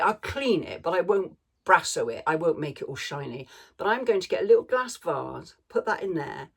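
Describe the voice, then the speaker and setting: A woman's voice: deep voice, breathy edge. A woman vlogger telling a rambling story in a chatty way, laughing now and then. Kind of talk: casual storytelling chat.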